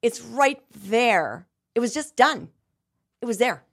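A woman's voice: on the high side, expressive, slow pace, gravelly, a bit bright, no room sound. A middle-aged woman singer talking earnestly as a podcast guest, reflective, with frequent restarts and some stretched-out words. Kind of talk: candid conversational interview.

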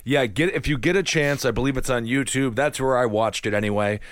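Male host, mid-pitched voice, conversational, asks questions, dry close sound. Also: brisk, no echo. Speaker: podcast host. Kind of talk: casual interview.

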